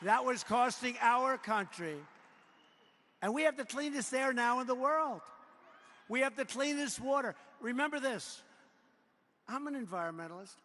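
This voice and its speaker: A man giving a boastful, repetitive rally speech, swinging from quiet asides to shouted lines, at a podium microphone in a large arena. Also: very high-pitched. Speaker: political speaker at a rally. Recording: echoey arena with faint crowd noise.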